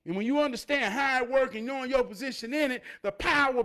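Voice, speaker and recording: A man gives a motivational monologue, telling stories and preaching, sometimes loud, sometimes low. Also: fast, few pauses. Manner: preachy, storytelling, swings from loud to near-murmur. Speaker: motivational speaker.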